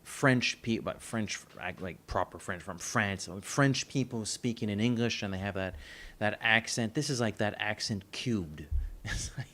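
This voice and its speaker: A man's voice: lowish voice, unhurried, sharp tone. A man co-hosting a film review podcast, chatting casually with dry, teasing humor. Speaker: podcast co-host.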